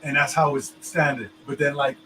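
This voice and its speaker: A man's voice: a little high, little pitch movement, moderate pace, bright, forceful tone, a little hiss or hum, rough recording. A man explaining things in casual chat, loose and full of fillers, often checking that his listener understands.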